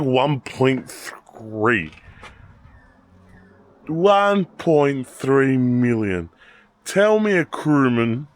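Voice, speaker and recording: A man with an Australian accent, chatting casually and rambling as he walks through his car collection, telling animated stories. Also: mid-range voice. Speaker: channel host. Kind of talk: casual car walkaround vlog.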